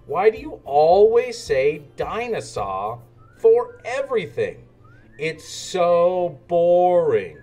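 A bouncy little girl piglet, bossy and full of excitement, as a man reading aloud puts her on high and lively. Her voice rises and swoops through each line of the storybook. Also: slow pace, slightly rough, soft background music, exaggerated voice. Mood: exasperated.

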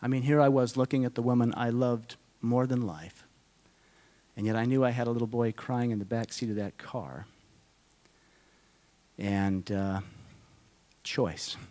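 A middle-aged man speaking to a conference audience, telling a personal story in a slow, halting, deeply emotional way, often dropping to a hush. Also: steady tone. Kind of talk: personal testimony talk to an audience. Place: conference hall.

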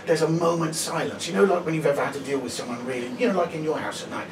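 A man's voice: a little high, rapid-fire, echoey room, very noisy. A man in his forties doing stand-up, chatty and self-deprecating, telling a story with lots of "right?". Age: 40s. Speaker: stand-up comedian. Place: comedy venue stage. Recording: live room, mic at a distance, loud audience.

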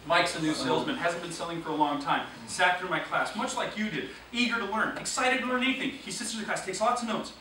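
A man's voice: high voice, fast, hardly any pauses, recorded from a distance, slight background noise. A man running a sales training class, telling stories and quizzing his trainees. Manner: lively storytelling, quizzes the class. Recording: echoey room, recorded from afar.

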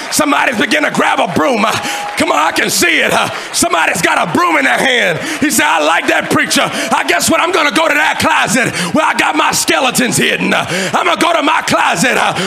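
A man preaching a sermon in a church, shouting and exhorting with fiery, rhythmic delivery. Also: extremely high pitch, creaky. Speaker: pastor. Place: church sanctuary. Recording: live church service with congregation noise.

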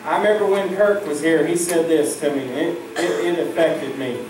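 A man's voice: a little high, moderate pace, background noise. A man preaching with folksy fervor at a church service, leading his congregation in call-and-response prayer. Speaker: pastor. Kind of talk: fervent preaching. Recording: echoey church from a distant mic with music.

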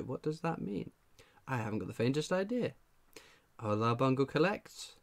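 A man's voice: medium pitch, expressive, unhurried. Guy with a cold on a livestream, chatty, reading out names, laughing a lot. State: has a cold. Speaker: livestream host. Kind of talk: casual livestream chat.

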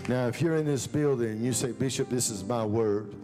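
A man preaching a sermon as pastor, telling a lively story, building up to shouts. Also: medium pitch, brisk, big-room sound, soft background music.

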